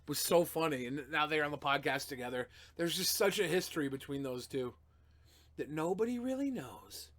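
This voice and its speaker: A man's voice: on the high side, animated, moderate pace, a bit bright. A man chatting loosely on a live stream, swearing and swapping gossip in an offhand, storytelling way. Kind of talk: casual live-stream chat.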